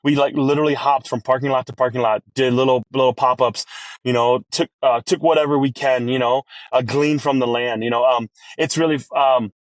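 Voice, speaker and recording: Chef guy rambling on a podcast, lively, acts out what he said, dead dry sound. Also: mid-range voice, fairly quick, no echo. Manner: energetic and rambling, acts out his own quoted talk. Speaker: chef and restaurant owner, podcast guest. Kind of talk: casual podcast interview.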